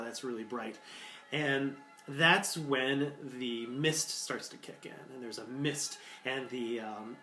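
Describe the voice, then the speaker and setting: A man's voice: fairly high pitch, fairly bright tone. A man narrating as game master of a tabletop game, rambling with many fillers. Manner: rambling, full of likes and ums. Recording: echoey room.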